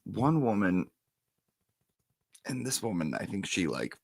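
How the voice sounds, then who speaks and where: A man hosting a casual livestream, reading viewer comments and telling stories in an animated way. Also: low-pitched, a little slow, creaky, no echo. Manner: animated storyteller, reads viewer comments aloud. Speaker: live stream host.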